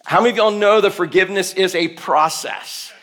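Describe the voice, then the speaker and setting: A man's voice: high voice, fairly quick. A man preaching a sermon, running a hands-on demonstration with volunteers and firing questions at the congregation. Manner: animated, coaxing volunteers, calling out questions to the room. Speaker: pastor.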